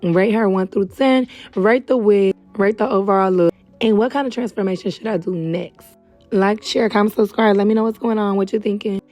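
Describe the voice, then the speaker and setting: A young adult woman hosting a casual wig tutorial, chatty and friendly with viewers, a little hoarse and short of breath. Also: mid-range voice, steady tone, normal speed, darkish tone, soft background music. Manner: chatty, calls viewers girl and baby. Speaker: beauty supply wig stylist host. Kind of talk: casual tutorial talk to camera. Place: indoors at home.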